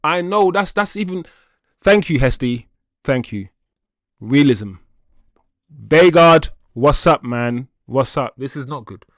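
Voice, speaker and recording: A man's voice: mid-range voice, animated, measured pace, no echo, studio quality. A man hosting a live fan stream, talking straight to his chat in an exasperated way and reading out viewer comments. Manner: reads viewer comments aloud. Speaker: livestream host.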